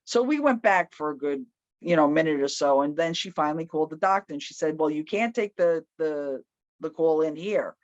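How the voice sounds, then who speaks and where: A woman telling a personal story in a casual, loud and animated way, acting out the people she quotes. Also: low voice, a little fast, no echo. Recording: slightly muffled, dry.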